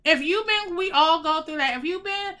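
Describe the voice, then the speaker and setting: Bright-voiced excitable woman reading tarot. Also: very high voice, moderate pace. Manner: chatty, excitable, swears, addresses viewers as y'all. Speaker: tarot reader. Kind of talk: casual tarot reading to viewers.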